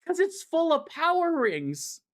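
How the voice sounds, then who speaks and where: A man voicing a gloating, shrill evil male mad scientist from a comic, his voice pushed well above his normal pitch. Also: wildly swooping pitch, measured pace, fairly bright tone, heavily acted.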